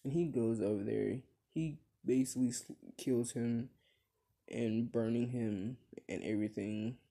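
A man's voice: medium pitch, unhurried, warm tone. A man casually retelling his own fan story, rambling with many fillers and restarts, and swearing when he slips.

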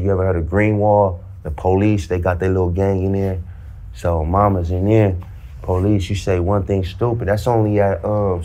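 A man with a fairly low voice tells his story in loose, slang-heavy talk. He acts out the back-and-forth himself, with lively energy. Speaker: storyteller recounting prison life. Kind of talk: casual storytelling in a played interview clip.

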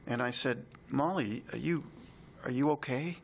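A man co-hosting a podcast, telling a heartfelt personal story in a reflective, halting way. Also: medium pitch, gravelly, slight background noise. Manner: reflective, halting, emotional retelling.

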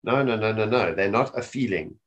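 Through a webinar microphone that cuts off the highs, a South African man with a lowish voice speaks fairly quickly. He keeps his mental health webinar casual, regularly asking his audience "okay?".

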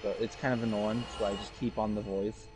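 A man's voice: fairly low pitch, little pitch movement, fairly quick, over music. A man in casual gaming chat, jokey and chatty with his friends. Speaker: gamer.

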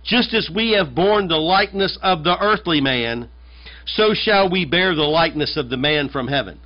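Emphatic American pastor preaching. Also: male voice, on the high side, lively intonation, moderate pace. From United States. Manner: conversational, emphatic, repeats phrases. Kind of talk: sermon. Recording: dull lo-fi sermon recording.

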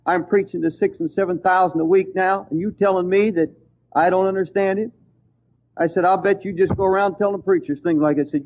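A middle-aged man delivers a sermon in an emphatic, storytelling manner. His voice sits fairly high for a man, and he leans hard into each point with fervent conviction. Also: fairly even intonation, brisk, a little mellow, rough recording. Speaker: preacher.

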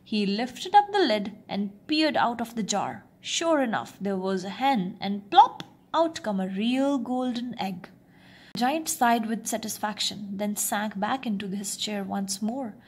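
A woman reading a children's fairy tale aloud in a soft, expressive, often half-whispered way. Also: medium pitch, measured pace, slightly rough. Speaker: storyteller. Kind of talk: storybook narration.

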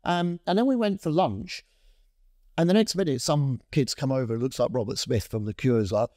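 Speaking at normal speed with a medium-pitched voice, a man in his fifties from Scotland is interviewed about his fashion brand, which he founded. He tells a long story with lively, rambling energy, full of fillers and restarts, in clean studio sound with no room sound.

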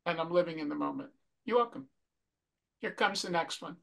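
A man leads a mindfulness workshop, walking through his slides at a slow, reflective pace. His voice is bright and clear, and he comes back to key phrases again and again. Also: a little high, animated. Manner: slow, repetitive, reflective delivery. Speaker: wellness workshop presenter.

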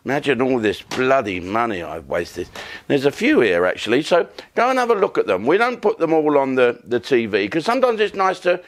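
An older comedian tells rambling, profane, self-mocking stories in a comic monologue. His medium-pitched voice swings widely in pitch, and his delivery is brisk.

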